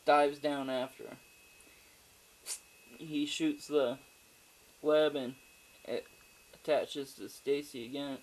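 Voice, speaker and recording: A man's voice: on the high side, steady tone, takes it slowly, pauses often, darkish tone, poor audio. A man giving a casual, rambling spoken movie review, swearing freely and often trailing off into fillers and asides. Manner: rambling, profane, with frequent fillers and digressions.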